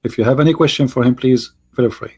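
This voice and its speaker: Husky man hosting a live stream. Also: medium pitch, warm tone. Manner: halting, many fillers and restarts. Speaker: host. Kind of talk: live-stream debate talk.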